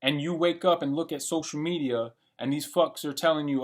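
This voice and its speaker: A man's voice: a little high, fairly quick. A man in his late twenties giving a blunt, profane and rambling monologue for his vlog. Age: late 20s. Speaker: vlogger. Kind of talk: unscripted rant monologue.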